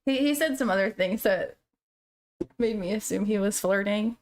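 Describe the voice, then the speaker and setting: A young woman tells a story on her live stream, laughing, chatting casually with viewers and reading their chat aloud. She speaks at normal speed in a mid-range voice, with slight background noise.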